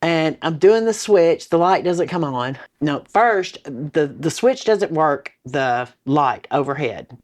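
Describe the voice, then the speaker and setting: Low-voiced woman retelling a memory. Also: animated, a little mellow. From Arkansas, US. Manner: halting, vivid retelling with restarts. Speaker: interviewee. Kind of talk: recounting memories in an interview.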